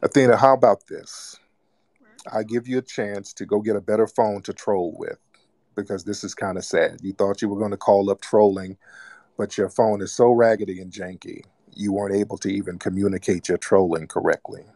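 Host type: low-voiced man, mocking and scolding tone, call-in show, dry close sound. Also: fairly even intonation, moderate pace, a little mellow, dry recording. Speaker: host of live call-in broadcast. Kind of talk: casual call-in radio talk.

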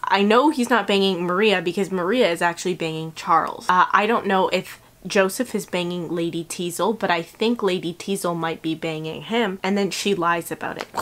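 A woman's voice: fairly low pitch, moderate pace, hardly any pauses. Sarcastic young woman ranting casually. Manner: animated, sarcastic, swears freely, acts out characters in quoted voices. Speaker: vlogger. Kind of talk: casual book review chat.

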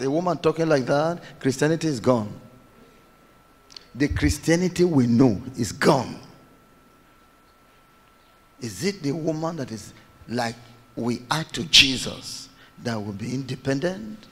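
A man's voice: mid-range voice, animated, measured pace, pauses often, husky, in a large hall. A man preaching a sermon as pastor, emphatic, repeating his phrases and acting out quotes.

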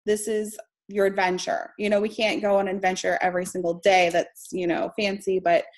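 A woman's voice: medium pitch, flat delivery, fairly quick. A young woman mentoring on a live stream, chatty and heartfelt, laughing between phrases. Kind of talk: casual live-stream teaching.

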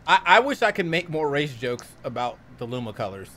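A man co-hosting a casual gaming podcast, teasing his friends in an animated, profane way. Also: mid-range voice, a little fast, slight background noise. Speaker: podcast co-host, commentator. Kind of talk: casual chat.

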